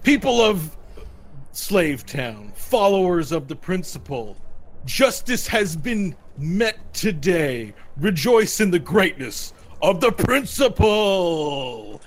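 A man voicing a pompous elf magistrate who proclaims slowly and loudly to a crowd in a tabletop game. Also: high voice, very animated, heavily acted. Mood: proclaiming. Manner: proclaiming, slow and loud.

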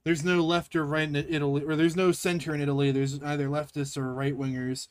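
A man's voice: on the high side, level tone, a little fast, smooth. A young man co-hosting a podcast review, joking crudely and laughing often. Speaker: podcast co-host. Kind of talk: casual review chat.

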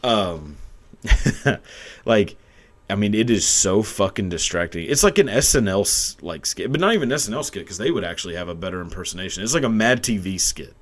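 A man's voice: on the low side, expressive, a little fast. A young man ranting crudely into his camera, rambling, swearing and breaking into laughter as he goes. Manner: profane, rambling, laughing often. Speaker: video commentator. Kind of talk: crude comedic rant. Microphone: camera mic.

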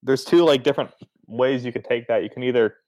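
A man's voice: medium pitch, fast, darkish tone, low-quality recording. A man co-hosting a casual racing chat in a laid-back way.

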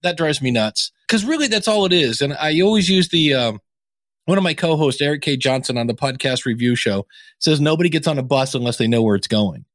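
A man's voice: a little fast, dry recording, studio quality. A man from Ohio, chatting as a guest in a casual interview and acting out quoted voices as he talks. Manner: animated, acts out quoted voices with big pitch jumps. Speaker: podcast consultant guest.

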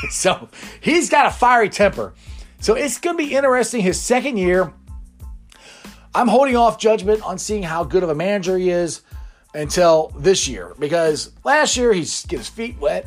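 A male sports show host talks in a loose, rambling way and chuckles often. His voice sits a bit high and swings widely in pitch. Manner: rambling and chatty, laughs often. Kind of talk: casual sports talk.

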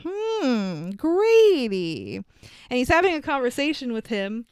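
A woman co-hosts a podcast and recaps a movie in a chatty way, swearing and laughing as she goes. Her voice is very smooth and resonant. It sits close and dry, with no room sound. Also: sits high, wildly swooping pitch, slow, darkish tone, dry recording. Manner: chatty, swears, laughs often, acts out quotes. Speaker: podcast co-host.

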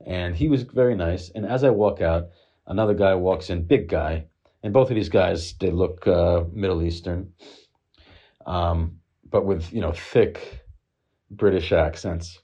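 Husky, low-voiced American man telling a story. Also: measured pace, dark tone, dull audio. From United States. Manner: rambling, swears, many fillers. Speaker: vlogger. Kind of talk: casual storytelling monologue.

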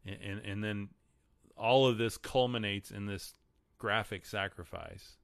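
A man's voice: fairly low pitch, steady tone, measured pace, vocal fry, dry recording. A man with a Texan accent hosting a live stream, chatting casually about the Bible and answering viewer comments. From Texas. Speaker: podcast host.

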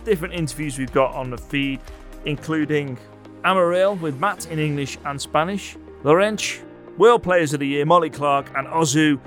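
A man's voice: a little high, fairly bright tone. A man hosting a podcast, chatting casually with teasing, jokey banter. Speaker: podcast host.

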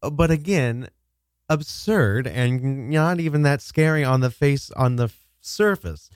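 A man's voice: mid-range voice, animated, measured pace, clean tone, no room sound, clean studio sound. A man hosting a radio show, chatting casually with wry, incredulous and profane commentary. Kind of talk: casual chat.

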